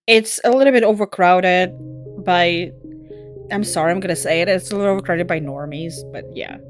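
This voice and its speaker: A young woman streaming a game, chatting casually and excitably, swearing and laughing often. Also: fairly low pitch, moderate pace, faint music behind. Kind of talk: casual gameplay chat.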